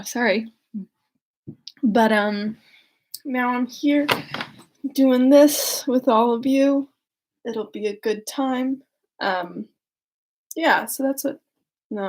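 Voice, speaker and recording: A young woman with a mid-range, slightly dark voice chats casually and pokes fun at herself, using lots of fillers. She's an audiobook reader, and after the chat she reads aloud from a classic novel.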